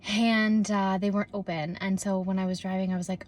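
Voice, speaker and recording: In this casual car vlog, a young adult woman talks quickly with a medium-pitched, darkish voice. She's parked, recording on a propped-up phone, and wanders through her thoughts with plenty of fillers and restarts.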